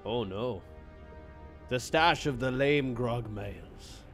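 A man live-streaming a game, excitable and playful, greeting viewers by name and joking in pirate talk. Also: medium pitch, takes it slowly, soft background music.

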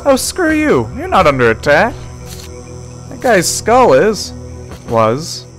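A man's voice: high-pitched, huge pitch swings, takes it slowly, faint music behind. A young man casually commenting while he plays a video game, rambling and joking, talking back to the characters on screen. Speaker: let's play host.

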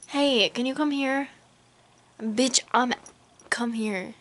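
A woman's voice: fairly high pitch, slow pace, long pauses, a bit bright. A woman of nineteen filming a casual vlog at home, sounding tired, swearing freely and cooing baby talk at her cat. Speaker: vlogger.

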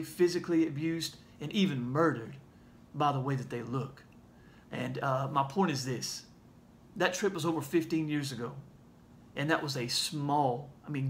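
Earnest Southern man, halting speech. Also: medium pitch, a little hiss or hum. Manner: earnest, halting, many fillers. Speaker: ministry leader sharing a message. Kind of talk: casual heartfelt video message.

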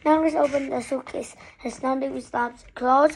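A woman's voice: high-pitched, fairly even intonation, moderate pace, a little hiss or hum, low-quality recording. A woman reading a children's story aloud, narrating expressively.

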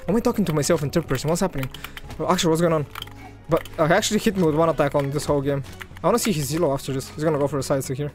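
A man commentating his own gameplay for viewers, excitable, jumping from loud hype to low muttering. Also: racing, faint music behind. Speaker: gaming streamer.

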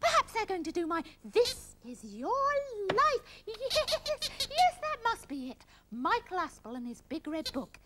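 A woman voicing an excitable, chatty female panda puppet in a children's show. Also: measured pace, hardly any pauses, heavy background noise, exaggerated voice. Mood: excited. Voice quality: squeaky and bossy.

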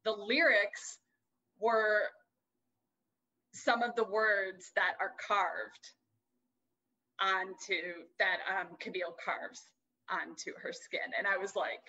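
A woman's voice: mid-range voice, steady tone, slow pace, pushed and bright, lo-fi sound. A young adult woman co-hosting a podcast, chatting casually and swearing freely as she rants. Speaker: podcast co-host. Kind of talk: casual chat.

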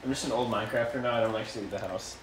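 A man's voice: on the low side, very fast. A young man chatting offhand during a gaming podcast. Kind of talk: casual chat while gaming. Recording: distant mic in echoey room with loud noise.

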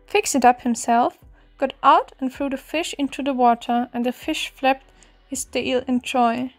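A woman reads an old fairy tale aloud in a gentle, even storybook manner. Her voice sits high and clear, with soft music playing faintly behind her. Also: unhurried.

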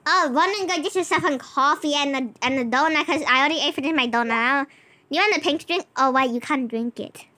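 Woman, high voice, gaming channel host, chatty role-play narration. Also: brisk, bright, forceful tone. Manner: chatty, talks to a co-player and to viewers in turn.

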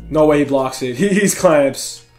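A young man giving excitable, slangy running commentary over his own video game play as a gaming channel host. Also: on the high side, measured pace, faint music behind. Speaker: gaming YouTuber. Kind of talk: live gameplay commentary.

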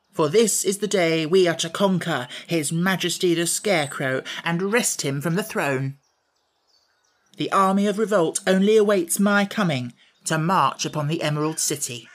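A man's voice: sits high, a bit bright, voice pushed up. A man voicing a bold, scornful girl general. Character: bold scornful young female rebel general.

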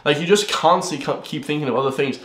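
A man's voice: on the high side, fast talker, a bit bright. A young man giving a rambling, blunt motivational monologue to his viewers. He swears freely and keeps calling them "guys.". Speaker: fitness vlogger. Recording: roomy echo.

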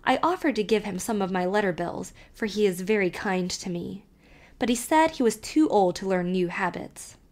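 Her delivery is expressive and varied as she narrates an audiobook, voicing a child's first-person letter. The woman speaks at normal speed with medium pitch.

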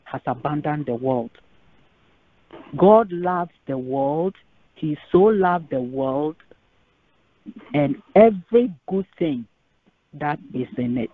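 A woman's voice: deep voice, slightly rough, no echo. A woman preaches a sermon over a conference call, taking her time and hammering home repeated phrases. The sound comes through a thin, tinny phone line. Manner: slow, emphatic, repeats key phrases.

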